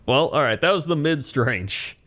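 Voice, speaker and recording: A man's voice: medium pitch, expressive, moderate pace, fairly bright tone. A man co-hosting a podcast in casual chat, laid-back and reacting to his partner's stories. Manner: laid-back, reacts with laughs and short comments. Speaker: podcast co-host.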